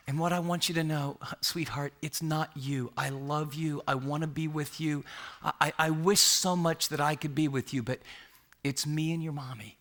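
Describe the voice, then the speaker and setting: A man playing a hushed, halting father. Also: fairly high pitch. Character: grieving father breaking hard news.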